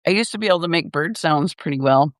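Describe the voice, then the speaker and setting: A man's voice: fairly high pitch, animated, fast, fairly bright tone, no room sound. Older guy rambling on a live chat, lots of ums and laughs, dry sound. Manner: rambling, laughs often, many fillers. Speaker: live stream host.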